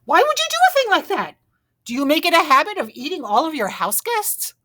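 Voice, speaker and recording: A woman voicing a proud, excitable male doughnut who talks high and loud when alarmed. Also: brisk, heavily acted.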